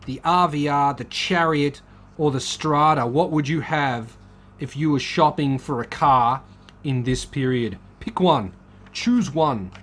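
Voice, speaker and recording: A man chatting casually as he flips through a car magazine, musing aloud and joking. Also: on the high side. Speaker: car channel host.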